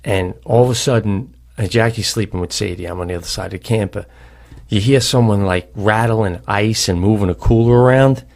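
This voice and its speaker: A man co-hosting a comedy podcast, telling a long story in an animated, rambling way, cursing and restarting his sentences. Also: on the low side, a little fast, vocal fry. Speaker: podcast co-host. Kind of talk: casual storytelling.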